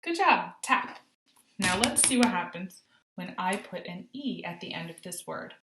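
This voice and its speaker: A woman teaching a phonics lesson to young children, sounding out letters slowly and praising often. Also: fairly low pitch, lively intonation, reverberant, background noise. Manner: encouraging, sing-song praise, slow sounding out of letters. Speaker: kindergarten teacher.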